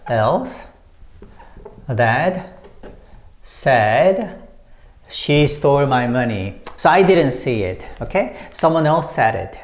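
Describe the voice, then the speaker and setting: A woman teaching English, explaining word meanings slowly and patiently, repeating the key phrases. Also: a bass voice, big pitch swings, echoey room. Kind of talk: explaining English usage to learners.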